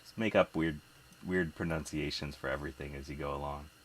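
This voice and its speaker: A man's voice: extremely low pitch, fairly even intonation, a little fast, slight background noise. A man from South Jersey and Philadelphia, hosting a casual live stream, chatting with viewers while repairing an old computer. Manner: chatty, reads viewer comments, muttering while working. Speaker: host repairing vintage computer.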